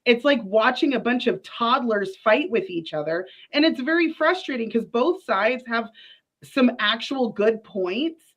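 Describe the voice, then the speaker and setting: A woman's voice: a little high, animated, a little slow, fairly bright tone. A woman arguing her point as a guest in a live online debate, earnest and frustrated. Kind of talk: livestream political debate.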